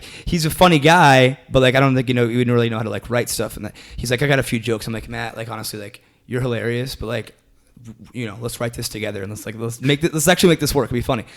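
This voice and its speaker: A young man in his twenties, a comedian telling a rambling story in a casual interview, full of fillers and restarts. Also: mid-range voice. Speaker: comedian guest.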